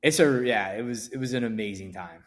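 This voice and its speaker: Speaking briskly in a mid-range voice, a middle-aged event company founder chats casually as a guest on a podcast. His talk rambles, with frequent restarts and fillers.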